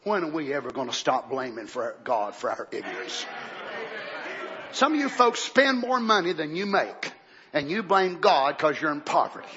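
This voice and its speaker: A man preaching a sermon in a church, breaking into shouted outbursts and folksy asides. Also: a little high, very animated, normal speed. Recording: dull lo-fi recording with faint congregation.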